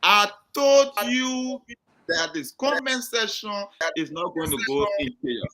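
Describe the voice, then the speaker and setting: A man hosting a live call-in talk show, firm and repeating himself to calm callers. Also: sits high, slow pace.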